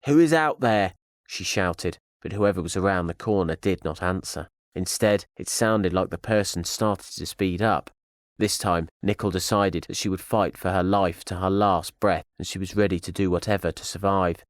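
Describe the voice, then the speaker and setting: A man reading a thriller audio drama as narrator, in a steady storytelling manner. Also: deep voice, normal speed, no echo, clean studio sound.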